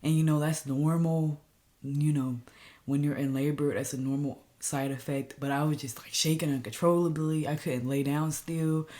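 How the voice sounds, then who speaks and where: A woman's voice: low voice, fairly even intonation, moderate pace, mellow. A young woman vlogger telling her own story in a candid, chatty way, sometimes dropping to a near-whisper. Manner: chatty and candid, drops to a near-whisper when reliving stress. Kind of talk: casual personal storytelling to camera.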